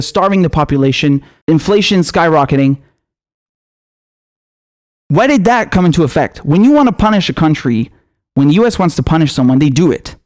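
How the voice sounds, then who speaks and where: A man's voice: fairly high pitch, a little mellow. Angry, profane man ranting politics. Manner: angry, profane, sarcastic, rhetorical questions. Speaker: political commentator.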